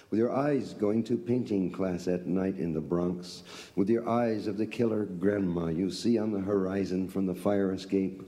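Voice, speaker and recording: A man's voice: low voice, warm tone. A man reading his poem aloud in an incantatory, chanting way, repeating line after line. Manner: incantatory, chanting repetitive lines. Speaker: poet. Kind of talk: poetry reading. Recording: long hall reverb.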